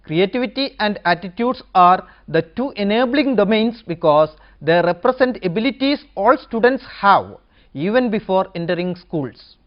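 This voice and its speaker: Female lecturer, mid-pitched, measured, listing points one by one; slightly muffled lo-fi audio. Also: animated. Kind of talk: educational lecture.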